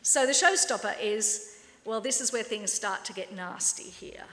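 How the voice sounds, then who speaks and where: A woman preaching a lively, wry sermon and acting out quoted voices. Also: mid-range voice, moderate pace. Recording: echoey hall with long reverb.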